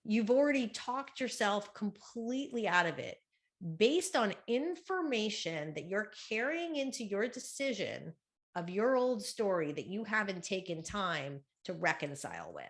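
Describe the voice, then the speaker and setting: A middle-aged woman with a loud, projecting voice, giving a chatty motivational talk at a women's conference. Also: medium pitch, very animated. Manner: chatty, with fillers and quick asides. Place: conference room, live talk.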